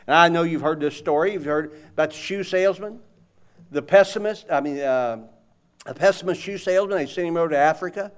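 A man preaching a sermon in an animated, conversational way, asking the audience questions. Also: fairly high pitch, a little fast, clean tone.

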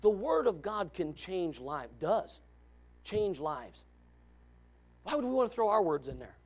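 A male pastor with a high, gravelly voice that leaps up and down in pitch. He swings between quiet, conversational asides and loud, shouted declarations, and he reads scripture aloud in old-fashioned wording. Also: very animated, measured pace. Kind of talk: fiery sermon.

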